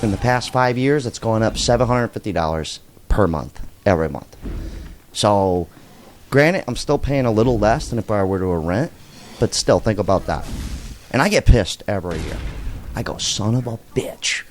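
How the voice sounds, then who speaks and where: A middle-aged man with a lowish voice gives loose, animated commentary as a video host. He is blunt and swears now and then, and a faint hiss sits under his talk. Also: moderate pace. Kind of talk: casual reaction commentary.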